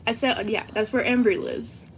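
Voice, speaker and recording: Teen girl streamer, Southern US accent, fairly high voice, chatty and giggly, faint background hiss. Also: very animated, moderate pace, creaky. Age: teens. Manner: chatty, giggly, talks to chat. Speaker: livestream host. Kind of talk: casual livestream chat.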